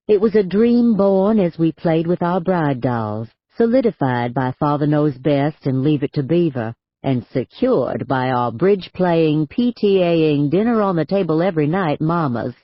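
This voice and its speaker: A man reading a novel aloud in the first person, with a measured, lightly wry storytelling manner. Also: a little high, no room sound, muffled recording. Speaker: audiobook narrator.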